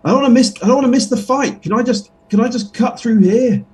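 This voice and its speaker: A man's voice: extremely high pitch, fast talker, darkish tone, distant mic, voice pushed up. A man voicing a sly young man who plays innocent to sneak past a guard in a tabletop game. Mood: pushy. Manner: wheedling, mock-innocent.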